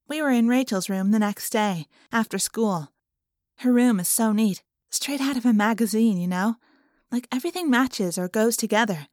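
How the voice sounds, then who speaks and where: A woman's voice: mid-range voice, normal speed, no room sound, studio quality. A woman narrating an audiobook in a plain, conversational first-person storytelling way.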